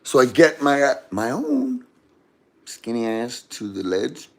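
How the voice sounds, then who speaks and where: Slow, lively rambling male storyteller. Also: medium pitch. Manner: rambling, keeps mixing up names and correcting himself. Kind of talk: comedic storytelling monologue.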